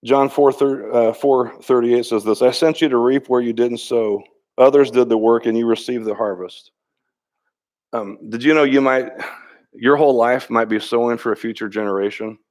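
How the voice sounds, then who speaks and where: A man's voice: mid-range voice, fairly even intonation, moderate pace, darkish tone. Man preaching a conversational sermon. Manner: conversational preaching with frequent restarts and repeated words; tells stories with quoted dialogue. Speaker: pastor.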